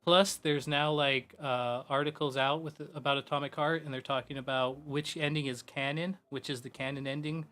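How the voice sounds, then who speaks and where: A man streaming a game, chatting casually and loosely, swearing and filling every pause with "like" and "you know". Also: on the high side, fairly even intonation, pushed and bright. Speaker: gaming streamer. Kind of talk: casual rambling chat.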